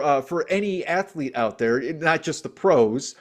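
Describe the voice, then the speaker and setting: A man's voice: fairly high pitch, expressive, unhurried. A man co-hosting a sports podcast, ranting in an exasperated, swearing way and laughing now and then. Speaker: podcast co-host. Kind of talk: casual sports podcast rant.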